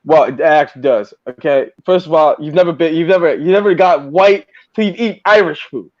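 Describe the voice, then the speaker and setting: A man chatting casually as a podcast host, telling animated stories full of swearing. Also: a little high, a little fast, no echo, highs cut off. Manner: profane, animated storyteller. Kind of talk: casual storytelling chat.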